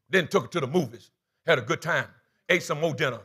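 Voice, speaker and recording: Pastor, male, slightly high voice, storytelling sermon with comic flair. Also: fast, slightly rough. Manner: animated comic storytelling, acting out dialogue.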